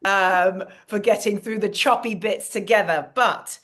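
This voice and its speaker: A woman's voice: medium pitch, fairly bright tone. A woman from Queens with a New York accent, giving a playful comedic monologue over a video call. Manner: playful, quick banter with asides.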